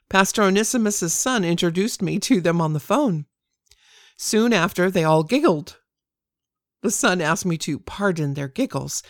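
Earnest older woman, smooth low voice. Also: no room sound, clean studio sound. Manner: earnest, encouraging. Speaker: podcast host. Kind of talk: devotional podcast talk.

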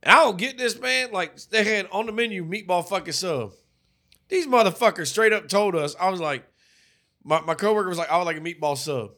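A man co-hosting a podcast, telling stories in a loud, profane, animated way. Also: sits high, brisk. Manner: animated, profane storytelling with acted-out quotes. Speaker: podcast co-host. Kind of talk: casual chat.

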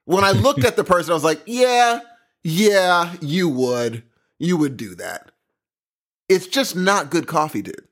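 A man's voice: high voice, animated, unhurried, a bit bright. A young man co-hosting a casual chat, telling rambling stories in an exasperated way. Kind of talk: casual banter.

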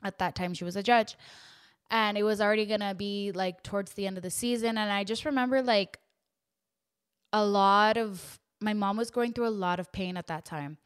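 A young woman hosting a podcast, telling a painful personal story in an emotional, halting way with lots of fillers and restarts. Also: medium pitch, smooth. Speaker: podcast host.

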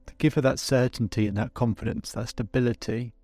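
A man's voice: medium pitch, steady tone, a little mellow, dry recording, soft background music. A man working as a life coach, speaking reflectively to his listeners and his client, often restarting his sentences. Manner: reflective, halting with many restarts. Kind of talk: coaching session with asides to listeners.

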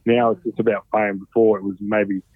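A man telling stories in a casual, animated way, swearing freely. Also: fairly low pitch, fairly quick, no echo. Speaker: podcast guest, former reality show contestant. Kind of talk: casual storytelling. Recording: dry, phone-like narrow sound.

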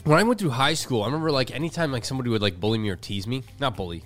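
A man co-hosting a casual podcast, talking in an animated way with quick restarts and playful voice shifts. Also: medium pitch, faint music behind. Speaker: podcast co-host.

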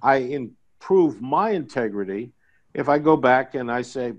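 A middle-aged man talks through his business method in a relaxed interview, slipping in homespun stories and little jokes. His voice sits in an ordinary middle register. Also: medium pitch, unhurried. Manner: folksy storytelling with jokes. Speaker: guest, IT sales consultant. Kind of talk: conversational podcast interview.

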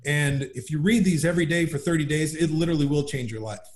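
Male interview guest, upbeat and animated, telling a story, slightly high-pitched voice, recorded with a roomy echo. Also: fast, slight background noise. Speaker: guest, business founder. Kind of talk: conversational storytelling.

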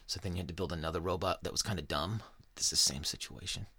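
Low-voiced profane podcast guy. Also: fast, pushed and bright, breathy edge, dry recording. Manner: profane, rambling, sarcastic. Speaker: podcast host. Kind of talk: casual chat.

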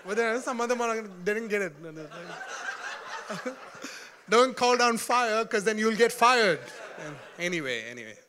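A man preaching a sermon in an animated, joking way, often laughing and calling out to his congregation. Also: high voice, takes it slowly, noisy background.

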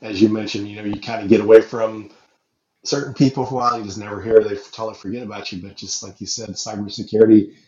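A man's voice: lowish voice, level tone, fast, mellow. A man hosting a podcast, chatting in an easygoing, agreeable, reflective way. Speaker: podcast host. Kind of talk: casual chat. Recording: dull roomy sound with faint noise.

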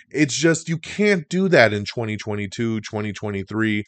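A man hosting a podcast, running through entertainment news in a casual, animated way. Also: medium pitch, moderate pace, hardly any pauses, no echo. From Italian heritage. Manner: animated, chatty, breaks into goofy impressions. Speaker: podcast host.

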